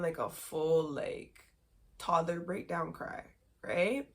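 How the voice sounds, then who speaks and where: A woman podcast host speaking candidly in a lowish voice with a gravelly edge. She rambles, leans on filler words and breaks into nervous laughs. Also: little pitch movement, measured pace. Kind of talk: candid personal storytelling.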